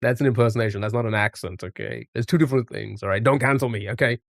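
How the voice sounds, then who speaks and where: A man's voice: mid-range voice, fast, creaky, dry recording, studio quality. A man live streaming a music guessing game, chatting casually and reacting to his chat as he plays.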